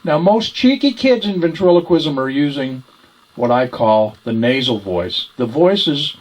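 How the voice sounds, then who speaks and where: A man's voice: fairly high pitch, expressive, measured pace, rough recording. A man teaching ventriloquism in a folksy, repetitive way, demonstrating voice types. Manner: folksy, repeats himself while explaining. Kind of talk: instructional demonstration.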